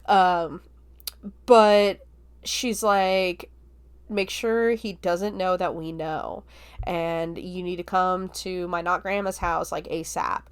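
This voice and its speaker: A woman hosting a film review podcast, retelling the plot in a chatty, casual way full of fillers and quick laughs. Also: lowish voice, fairly even intonation, smooth.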